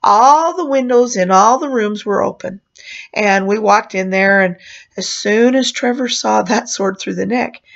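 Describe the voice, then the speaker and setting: A woman's voice: medium pitch, measured pace, creaky. A woman who performed as a clown, chatting through a personal story with fillers and small laughs. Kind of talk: casual spoken memoir. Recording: muffled lo-fi recording.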